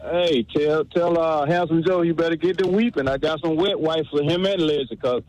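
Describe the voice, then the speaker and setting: This is a man phoning in to sports talk radio. His voice sits a bit high, and his tone is teasing. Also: normal speed, a little mellow, a little hiss or hum. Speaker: caller. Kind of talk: sports call-in banter.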